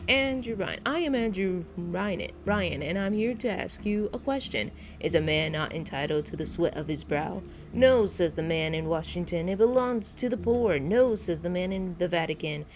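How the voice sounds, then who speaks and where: A woman's voice: lowish voice, animated, normal speed, few pauses, a little mellow. A woman reading a commanding male city founder's grand speech, declaiming with emphasis over game music. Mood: proud, defiant.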